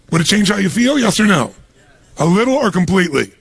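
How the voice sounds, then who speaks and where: A motivational speaker with a high-pitched, slightly rough voice and vocal fry talks fast and very animatedly. He tells stories and acts out the voices of the people in them, in a dry recording.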